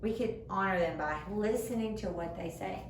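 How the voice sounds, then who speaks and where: A young woman giving a children's sermon in simple, animated words, recorded in a church room. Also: mid-range voice, moderate pace. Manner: animated, speaks simply to children, acts out voices. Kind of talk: kids' sermon. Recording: echoey room, far from the mic, faint noise.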